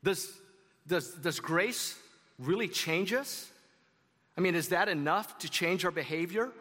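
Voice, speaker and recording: A man's voice: high-pitched, measured pace, bright, forceful tone, in a large hall. A man preaching a sermon to his congregation in a conversational way, with asides to the audience. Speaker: pastor. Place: church sanctuary.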